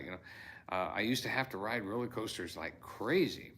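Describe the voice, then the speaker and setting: Earnest man with a bright voice. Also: on the low side, brisk, a little hiss or hum. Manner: earnest and heartfelt, breaks into exclamations. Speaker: storyteller. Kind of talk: reflective fireside talk, reading his own devotional.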